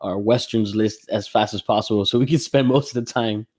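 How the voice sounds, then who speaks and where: A man chats easily as a podcast host, rambling and laughing often. His voice sits on the low side. The recording is dry, with no room sound. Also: fairly quick, a little mellow, dry recording. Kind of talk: casual chat.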